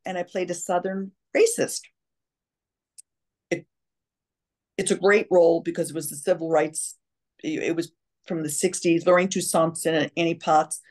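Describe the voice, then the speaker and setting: A woman chats as an interview guest and tells anecdotes with lots of energy, sometimes dropping into character voices. Her voice sits a little on the low side for a woman. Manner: animated storyteller, slips into voices. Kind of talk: casual chat.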